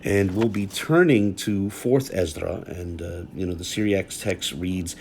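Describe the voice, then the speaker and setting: A man explaining old texts in a lecture-style video, measured and careful, often checking in with "right?" and "you know". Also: low-pitched, a little mellow, a little hiss or hum.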